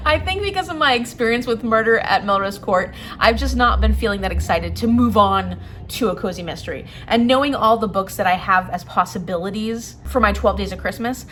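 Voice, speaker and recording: A woman's voice: medium pitch, a bit bright, a little hiss or hum. A woman chatting casually about books in a vlog, rambling a little and laughing often. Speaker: book vlogger. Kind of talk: casual chat.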